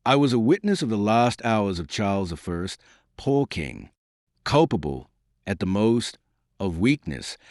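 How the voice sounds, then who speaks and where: A man reading the lines of a calm, dignified nobleman in an audiobook. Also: fairly low pitch, no room sound, clean studio sound. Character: dignified proud nobleman, calm, middle-aged.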